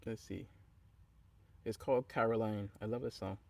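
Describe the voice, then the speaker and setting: With guitar playing in the background, a singer-songwriter hangs out on a livestream, joking and chatting loosely with his viewers. He has a fairly low voice with a steady tone and a moderate pace, and he stumbles through plenty of fillers and hesitations.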